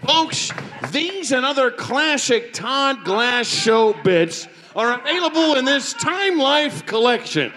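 A man's voice: extremely high pitch, animated, slow pace, background noise. A man on a live comedy stage doing a mock infomercial announcer, drawn out and teasing.

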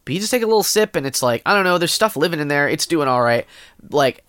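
A man's voice: a little high, animated, quick pace, a bit bright, clear, resonant tone, no echo, studio quality. Laughing, rambling male podcast co-host. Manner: laughing, swears casually, rambling. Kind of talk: casual chat.

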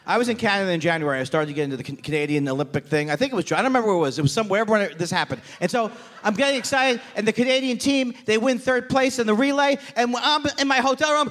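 A man's voice: very high-pitched, fast, hardly any pauses. A man hosting a casual comedy chat, joking and slipping into mock voices. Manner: animated, jokey, shifts into mock voices. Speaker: comedian podcast host.

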